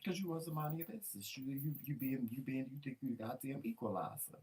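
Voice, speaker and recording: A man co-hosting a casual talk show, animated and colloquial, often laughing as he tells stories. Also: medium pitch, fairly quick. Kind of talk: casual chat.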